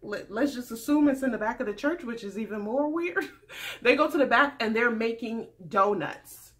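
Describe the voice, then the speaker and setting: A young adult woman recapping a reality TV episode in a sassy, animated casual vlog. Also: fairly high pitch, normal speed. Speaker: recap vlogger.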